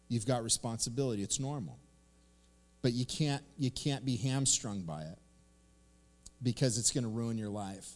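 Middle-aged male pastor, casual animated sermon delivery, mid-pitched voice, long hall reverb. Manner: animated, conversational, acts out quotes. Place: church sanctuary.

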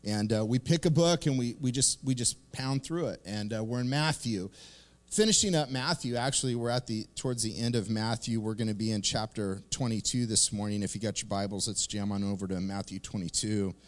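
A man's voice: lowish voice, a little fast. A man preaching a casual sermon, telling stories and jokes with lots of fillers. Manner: storytelling, joking, conversational with fillers. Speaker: pastor. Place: church sanctuary. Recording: reverberant church hall.

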